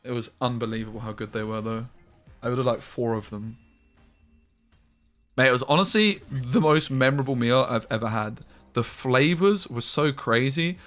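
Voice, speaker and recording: A man's voice: medium pitch, moderate pace, fairly bright tone, faint music behind. Chatty young man streaming. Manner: rambling anecdotes with slang and swearing. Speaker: game streamer. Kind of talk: casual live-stream chat over gameplay.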